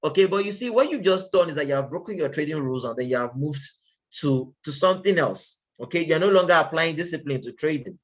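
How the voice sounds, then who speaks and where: A man's voice: a little high, lively intonation, fast, lo-fi sound. A man presenting a trading webinar in a casual, conversational way, often checking in with "okay" and pressing his points with rhetorical questions.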